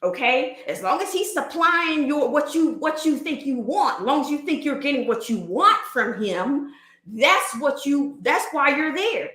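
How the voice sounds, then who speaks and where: A woman's voice: high voice, sing-song, unhurried, fairly bright tone, reverberant. A woman hosting a livestream, ranting emphatically and firing off rhetorical questions. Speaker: livestream host. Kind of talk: casual livestream rant.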